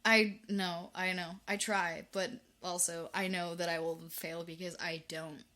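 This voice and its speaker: A woman's voice: lowish voice, flat delivery, a little slow, sharp tone. A woman co-hosting a casual podcast, chatty and full of 'like'. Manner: chatty, laughing, uses 'like' often. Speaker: podcast co-host. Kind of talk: casual chat.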